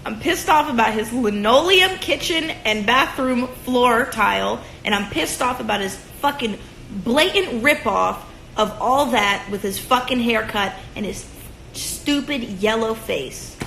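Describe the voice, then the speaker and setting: A woman's voice: on the high side, animated, unhurried, gravelly, a bit bright, a little hiss or hum. A woman in her twenties ranting casually and profanely on a livestream from her room at home, with sarcastic sung asides. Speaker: livestream host. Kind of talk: casual rant on a phone livestream. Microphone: phone at arm's length. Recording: echoey room on a phone stream.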